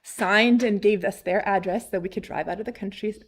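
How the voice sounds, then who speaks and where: Woman telling an animated testimony. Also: medium pitch, fairly quick, slight background noise. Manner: animated, acts out quoted voices, frequent fillers. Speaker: missionary speaking at a ladies' ministry. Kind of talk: casual storytelling testimony.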